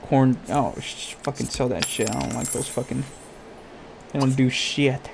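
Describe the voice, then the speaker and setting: A man's voice: mid-range voice, fairly even intonation, unhurried, creaky, darkish tone, a little hiss or hum. A man giving crude, profane Let's Play commentary, ranting at and scolding his game character. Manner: swears constantly, talks to his game character. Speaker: gaming YouTuber.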